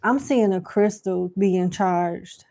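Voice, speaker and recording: A woman's voice: mid-range voice, slow, dark tone. A woman giving live tarot question readings in a casual, slangy, chatty way. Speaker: tarot reader.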